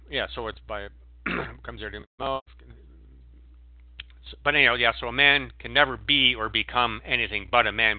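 A man giving a preachy, emphatic monologue as a guest on a call-in show, breaking into sudden loud outbursts. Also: medium pitch, no echo. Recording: tinny phone line, dry.

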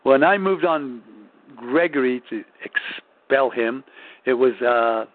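A man's voice: medium pitch, slow pace. A man rambling through a profane, casual story with lots of swearing and restarts. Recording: tinny phone-like audio.

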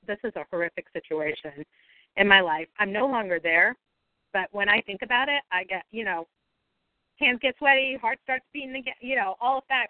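A woman's voice: mid-range voice, no echo. A woman leading a spiritual group call, teaching casually and acting out inner thoughts with animation. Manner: animated, acts out inner monologues. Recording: tinny phone-line audio.

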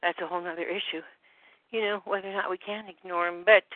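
A woman on a group phone call, slightly out of breath, talking in a halting way that trails off with many fillers. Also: fairly low pitch, fairly even intonation, noisy background. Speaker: call participant. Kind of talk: rambling phone call chat. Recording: dry phone-line audio.

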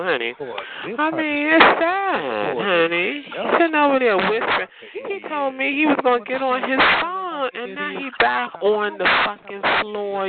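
A man's voice: high voice, narrow, tinny audio, very noisy. A man hosting a phone chat line, roasting a caller in a sassy, theatrical way and calling everyone honey.

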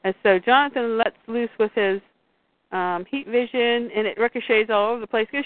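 A woman with a fairly high voice co-hosts a casual chat, retelling scenes and reading lines of dialogue aloud. She sounds tinny and narrow, as if over a phone line. The sound is close and dry. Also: normal speed, dry recording. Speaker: comics podcast co-host. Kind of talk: casual chat, recapping a comic.

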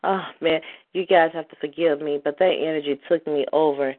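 A woman's voice: low voice, steady tone, a little fast. Emotional woman host on a phone line. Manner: tearful, overwhelmed, breaks into laughter. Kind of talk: emotional spiritual talk show chat. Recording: phone-line call-in audio.

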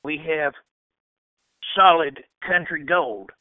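A man's voice: on the high side, slow pace, dry recording, narrow, tinny audio. Joking man hosting a podcast game. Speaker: podcast host. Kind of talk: casual chat, game-show hosting.

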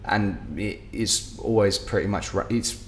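Roomy-voiced English man, animated and low. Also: unhurried, slight background noise. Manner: animated, swears freely. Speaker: guest musician. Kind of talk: casual podcast chat.

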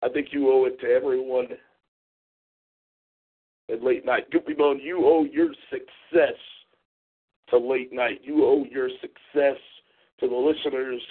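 A man's voice: mid-range voice, fairly even intonation, unhurried, long pauses, breathy edge. A man hosting a talk show, ranting in a profane, mocking, confrontational way. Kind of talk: angry call-in show rant. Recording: tinny phone-line audio.

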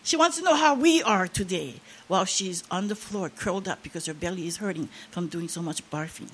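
A woman's voice: fairly low pitch, lively intonation, fairly quick, fairly bright tone. Older woman preacher, impassioned testimony, rising emphasis, faint noise behind. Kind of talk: sermon.

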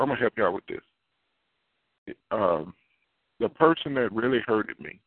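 A man's voice: lowish voice, vocal fry, no echo. A man preaching an earnest, confessional sermon, repeating his key phrases as he goes. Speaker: prophet preaching. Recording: tinny phone-line sound, dry.

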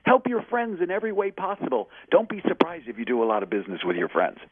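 Emphatic husky man over a tinny line. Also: a little high, expressive, fast talker, no room sound. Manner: passionate, emphatic, acts out quoted dialogue. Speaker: guest author and speaker. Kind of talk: energetic motivational interview talk.

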